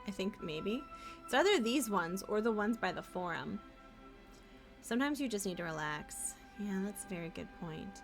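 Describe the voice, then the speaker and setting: A woman's voice: medium pitch, expressive, normal speed, faint music behind. A young woman casually chatting as she streams a video game, playful and talkative. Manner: chatty, playful, talks to chat and pets. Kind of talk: casual gameplay commentary.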